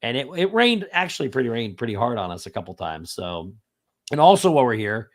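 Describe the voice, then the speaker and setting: A man from Indiana hosting a casual chat, telling stories in an animated way and chuckling often. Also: medium pitch, a little fast. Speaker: podcast host.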